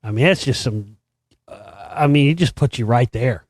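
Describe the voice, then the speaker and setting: A middle-aged man hosting a show, telling a story in a casual, profane, animated way and laughing as he goes. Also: medium pitch, moderate pace, breathy edge, dry recording, studio quality. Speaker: podcast host.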